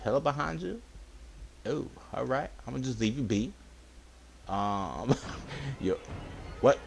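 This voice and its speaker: A young man with a deep voice giving casual, excitable let's-play commentary, swearing and talking to his viewers as he plays. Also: breathy edge. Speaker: gaming video creator.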